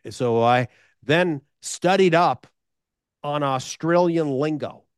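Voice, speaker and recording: Slow-paced, clear and resonant, slightly high in pitch, a middle-aged American man who speaks on sales tells stories during a conversation, with repeated words and rhetorical questions. The recording is dry and studio quality.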